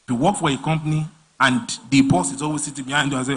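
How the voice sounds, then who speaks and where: Husky animated male design trainer. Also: mid-range voice, quick pace. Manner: animated storyteller, voices clients and bosses mid-story. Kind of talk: casual live training talk with acted-out anecdotes.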